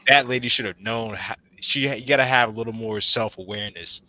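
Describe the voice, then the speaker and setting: A man commenting casually on a news clip, emphatic and animated, often asking "you know what I'm saying". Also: medium pitch, a little fast. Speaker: co-host. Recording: dull lo-fi sound.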